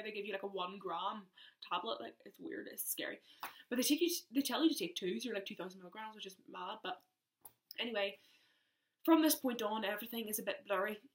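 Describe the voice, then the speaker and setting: A young woman telling a personal story in a rambling, chatty way, often interrupting herself. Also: medium pitch. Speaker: vlogger.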